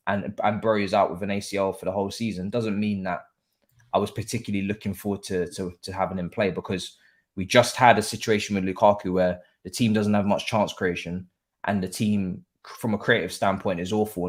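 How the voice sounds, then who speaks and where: A man, a guest pundit in casual football chat, animated and repeating phrases with frequent ums. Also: fairly low pitch.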